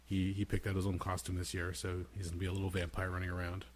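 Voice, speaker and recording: A man co-hosting a casual podcast, telling lively family stories and imitating his young son in a high voice. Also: quick pace, a little hiss or hum. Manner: animated storyteller, acts out his toddler son in a high voice. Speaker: podcast co-host. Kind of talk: casual chat, storytelling.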